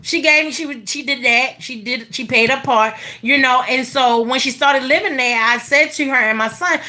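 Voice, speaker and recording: Middle-aged woman vlogger, bright high voice, profane no-filter storyteller. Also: moderate pace. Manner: blunt, profane, animated. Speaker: vlogger telling a personal story. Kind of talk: casual storytelling rant.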